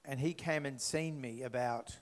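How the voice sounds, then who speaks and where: A man's voice: mid-range voice, moderate pace. A man leading a church prayer and telling a faith story, chatty and rambling with fillers and restarts. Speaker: church speaker.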